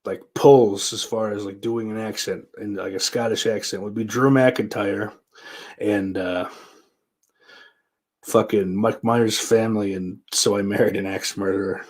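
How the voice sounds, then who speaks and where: A man hosting a solo podcast, talking in a loose, rambling, heavily profane way with sudden loud bursts. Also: on the low side, fairly even intonation, unhurried. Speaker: podcast host.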